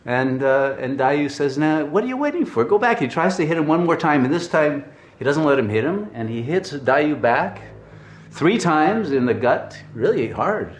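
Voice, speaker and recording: A man giving a spiritual talk, telling a story in an animated, chuckling way with frequent restarts. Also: mid-range voice, unhurried, echoey room. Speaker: spiritual teacher.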